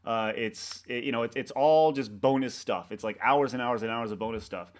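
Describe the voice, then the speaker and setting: A man, a website co-founder, talking in a casual interview, rambling and halting with many restarts and fillers. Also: mid-range voice. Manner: animated storyteller acting out coworkers' lines.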